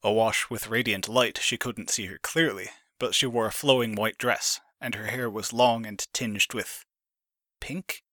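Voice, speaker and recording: A man narrates a story in a steady, measured read, with a somewhat low voice. His tone is bright and forceful. The sound is dry and close, with no room around it. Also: dry recording. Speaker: fan fiction reader. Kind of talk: scripted narration.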